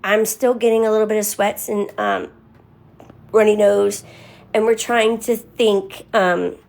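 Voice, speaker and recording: A woman's voice: mid-range voice, expressive, a little slow, creaky, darkish tone. A young woman talking candidly on a live stream, answering viewers by name in casual chat.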